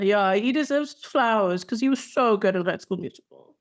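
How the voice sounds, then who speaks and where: A woman's voice: mid-range voice, expressive, normal speed. Woman cohosting a pod, playful and chatty, kinda slangy, lots of ums. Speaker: podcast co-host. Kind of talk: casual chat.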